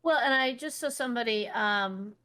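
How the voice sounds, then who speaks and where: A middle-aged woman co-hosts a casual podcast chat. She is opinionated and retells what she saw in plain, steady talk. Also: a little high, normal speed. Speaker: podcast co-host.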